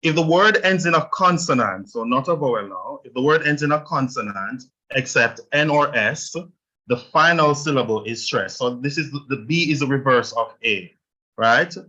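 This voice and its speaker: Jamaican male teacher, bright forceful tone, slightly dull lo-fi sound, patient step-by-step explainer. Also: medium pitch, animated, moderate pace. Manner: explains step by step, checks in with "right?". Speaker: Spanish teacher. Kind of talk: online language lesson.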